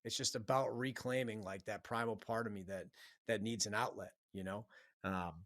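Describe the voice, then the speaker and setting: A man with a fairly low voice delivers a blunt, heavily profane pep talk as a solo podcast host. His sound is close and completely dry, with no room around it. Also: fairly even intonation, moderate pace, fairly bright tone, no echo. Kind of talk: solo motivational podcast monologue.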